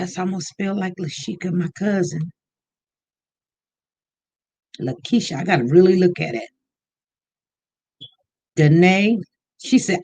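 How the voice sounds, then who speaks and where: A livestream host in casual chat, greeting viewers one by one by name in an easygoing, unhurried way and inviting them to call in. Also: mid-range voice, darkish tone.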